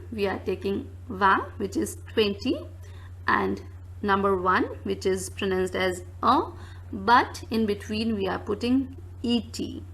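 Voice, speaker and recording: A woman's voice: medium pitch, a bit bright, low-quality recording. A woman teaching numbers, saying each one twice, plainly. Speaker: French teacher. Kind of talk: slow spoken lesson with repetitions.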